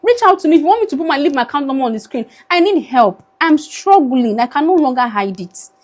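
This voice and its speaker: High-voiced pleading Nigerian woman vlogger. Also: lively intonation, quick pace, darkish tone. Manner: pleading, weary, switches into Pidgin. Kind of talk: emotional vlog appeal. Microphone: phone camera.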